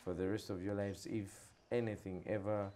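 A man's voice: fairly low pitch, flat delivery, moderate pace, noisy background. Teasing male talk show host. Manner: playful, teasing, switches to earnest blessing. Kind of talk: casual interview chat.

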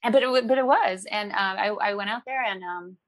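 Brief: woman guest, chatty and animated, quick laughs, dry close sound. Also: mid-range voice, dry recording. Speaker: actress guest. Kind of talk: casual interview chat.

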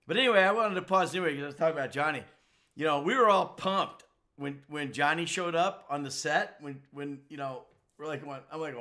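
Middle-aged man, live game commentary, exasperated, chatty, very animated pitch, bright voice. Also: moderate pace. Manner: exasperated, chatty, swears often. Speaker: streamer playing a video game.

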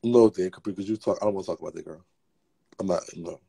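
Raspy, gravelly man gossiping sassily. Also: deep voice, fast, warm tone. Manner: sassy, profane, chatty. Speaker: livestream host. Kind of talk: casual gossip livestream.

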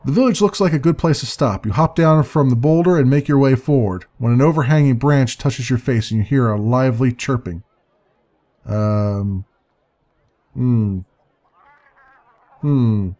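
A man's voice: medium pitch, unhurried, pauses often, warm tone. A man reading a text adventure aloud and musing over his choices, hesitant and chuckling now and then. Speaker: let's play narrator.

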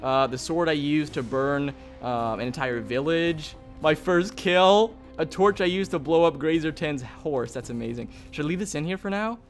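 A man hosting a gaming video, giving excitable, chatty let's play commentary and thinking aloud. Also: a little high, moderate pace, hardly any pauses, soft background music.

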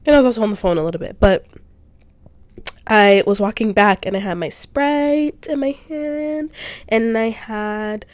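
A woman's voice: a little high, measured pace, dry recording. Young woman, podcast host, sick voice, rambling chatter, dry small room. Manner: rambling, filler-heavy, self-deprecating. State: sick, congested. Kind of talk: casual solo podcast chat.

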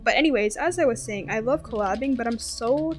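A woman giving casual, very talkative gameplay commentary, turning excitable and repeating words when the game gets tense. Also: fairly high pitch, brisk. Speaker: gaming video host. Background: game background music.

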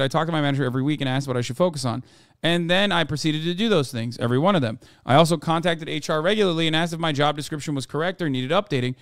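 A man voicing an earnest Icelandic man reading his own letter, in a put-on Nordic accent with a measured, plain delivery. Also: on the high side, a bit bright, clean tone, no echo, studio quality, lightly acted.

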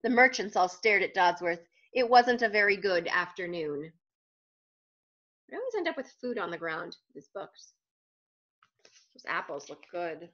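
A woman reading a children's picture book aloud, pausing for playful questions to young listeners. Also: fairly low pitch, expressive, fairly bright tone, lo-fi sound.

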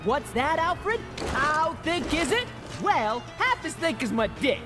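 A man's voice: very high-pitched, sing-song, takes it slowly, music in the background, exaggerated voice. A man voicing a crude, mocking male vampire thug in a comedy parody dub, full of swearing taunts. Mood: taunting. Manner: foul-mouthed, sneering taunts.

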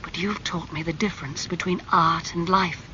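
A man's voice: expressive, a little fast, pushed and bright. A man reading aloud, voicing a young woman actress who is loving and pleading in a storybook. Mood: earnest. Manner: high, pleading, emotional delivery. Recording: slightly muffled with faint hum.

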